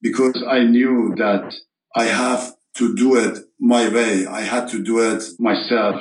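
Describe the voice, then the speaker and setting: A man recounts his past as an interview guest, pausing often, restarting his sentences and reaching for the right words. His voice sits at an ordinary middle pitch. The recording has a noticeable roomy echo around him. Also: fairly even intonation. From Iran. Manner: halting, searching for words, many fillers and restarts. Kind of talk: storytelling interview.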